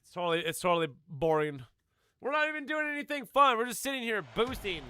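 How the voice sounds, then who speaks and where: A man's voice: very high-pitched, expressive, quick pace, sharp tone, a little hiss or hum. A man streaming a video game, chatting casually in a rambling, laid-back way full of "like" and "dude". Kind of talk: casual stream chat while gaming.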